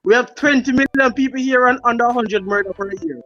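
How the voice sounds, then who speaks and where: A man's voice: extremely high pitch, fast, bright, forceful tone, dull audio, soft background music. A man on a talk show panel, arguing back and ribbing the others in play. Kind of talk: joking casual chat.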